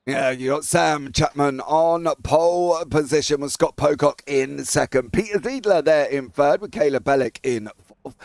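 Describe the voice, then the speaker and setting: Brief: British race commentator, gravelly voice, fairly high pitch, chatty. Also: male voice, no echo. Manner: chatty, laughs easily, calls out names. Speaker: sim racing commentator.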